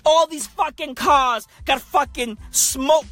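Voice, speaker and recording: A woman's voice: sits high, slow pace, fairly bright tone, no echo, soft background music. A woman hosting a podcast from inside a parked car, delivering a crude, repetitive comedic rant. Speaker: podcast host.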